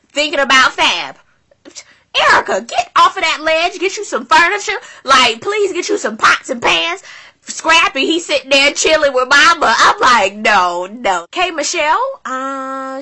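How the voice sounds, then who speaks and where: Woman vlogger, sassy and dramatic, slightly high, bright tone. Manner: sassy, dramatic, acts out quotes. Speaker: vlogger recapping a reality show. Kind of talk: casual commentary.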